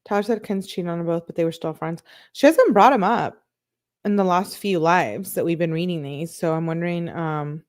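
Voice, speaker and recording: A woman's voice: fairly low pitch, normal speed. A woman hosting a true crime channel, casually reading text messages aloud and breaking off with puzzled asides. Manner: reads texts flatly, breaks off with puzzled asides.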